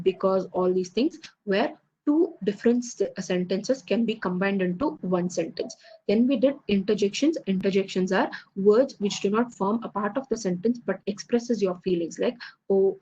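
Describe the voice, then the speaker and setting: Husky-voiced woman teaching a class. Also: medium pitch, darkish tone, muffled recording. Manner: explanatory, many fillers and checks like "okay, fine". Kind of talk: online class lecture.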